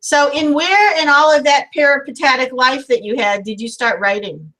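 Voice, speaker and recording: Woman host from St. Louis, chatty and teasing, with a slightly high voice. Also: normal speed, low-quality recording. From St. Louis, Missouri. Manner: chatty, warmly teasing questioner. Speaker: podcast host. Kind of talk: casual video-call interview.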